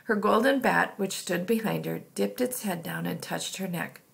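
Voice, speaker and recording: A woman's voice: fairly low pitch, normal speed, creaky. A woman narrating a children's novel aloud in a plain reading voice. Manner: plain reading with occasional slips and restarts. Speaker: audiobook reader. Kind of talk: storybook narration.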